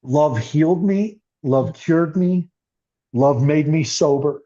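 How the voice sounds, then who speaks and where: A man's voice: on the high side, slow, warm tone. An older man telling his recovery story as an interview guest, earnest and emotional. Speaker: podcast guest. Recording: muffled lo-fi audio.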